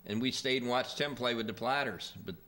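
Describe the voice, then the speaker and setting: A man's voice: medium pitch, brisk, pushed and bright. A male host in casual chat, eager and chatty, who laughs easily.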